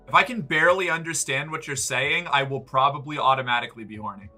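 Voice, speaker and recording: A man's voice: medium pitch, quick pace, few pauses, pushed and bright, faint music behind. An American man chatting casually with viewers on a livestream, rambling with lots of fillers and swearing freely. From United States.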